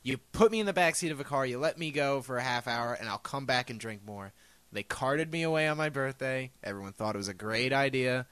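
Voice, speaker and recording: A man's voice: medium pitch, brisk, fairly bright tone, smooth, no room sound. A young man co-hosting a casual chat show, telling rambling joking stories. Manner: rambling, jokey storyteller. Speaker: podcast co-host. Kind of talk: casual banter.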